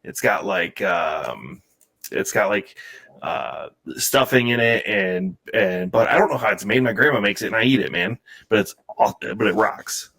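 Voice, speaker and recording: A man's voice: lowish voice, sing-song, measured pace, creaky, sharp tone, no room sound. A man co-hosting a podcast, laid-back and chatty, with enthusiastic interjections. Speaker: podcast co-host. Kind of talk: casual podcast chat.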